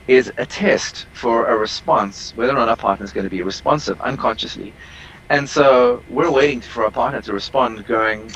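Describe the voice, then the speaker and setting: A man with a low, gravelly voice talks as a relationship coach on an interview call. He explains in long, winding sentences full of ums and self-corrections. The sound has a faint hiss behind it. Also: normal speed, a bit bright, lo-fi sound. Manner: explanatory, long rambling sentences with many fillers.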